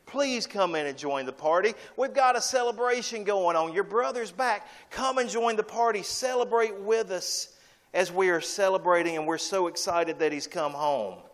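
Loving father, tender and pleading, pitched up, put on by a preacher. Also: normal speed, natural voice.

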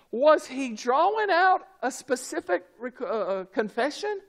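A man preaching a sermon, swinging between loud emphatic shouts and quiet, low asides, with a drawn-out, deliberate delivery. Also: huge pitch swings.

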